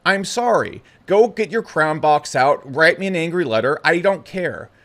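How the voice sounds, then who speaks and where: Brash, excitable young man. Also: a little high, normal speed. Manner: blunt, brash and excitable, with stutters and restarts. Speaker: crypto commentator. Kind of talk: casual opinionated talk to camera.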